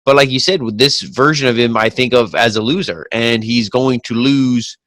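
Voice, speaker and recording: Blunt laid-back dude on a podcast, dry mic, swears casually. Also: male voice, medium pitch, steady tone, moderate pace, a bit bright, no room sound. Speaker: wrestling podcast co-host. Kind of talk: casual chat.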